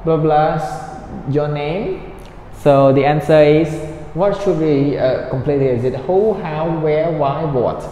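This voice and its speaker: Man teaching slowly in an echoey room. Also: fairly high pitch, a little mellow, a little hiss or hum. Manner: slow, carefully enunciated, repeats phrases for students. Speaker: English teacher. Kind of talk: online English lesson. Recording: echoey room with long reverb, faint ambience.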